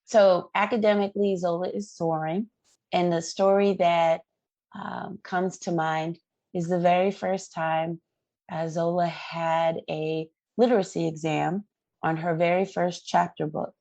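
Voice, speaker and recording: A woman's voice: fairly low pitch, little pitch movement, measured pace, vocal fry, a little mellow, dry recording, lo-fi sound. A woman guest in an interview, telling a personal story in an earnest, emotional way. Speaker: guest parent advocate.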